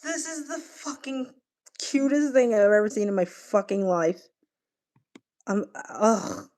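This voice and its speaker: A woman hosting a casual livestream, chatting to her viewers in an excitable way and swearing freely. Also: medium pitch, slow pace. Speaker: livestream host.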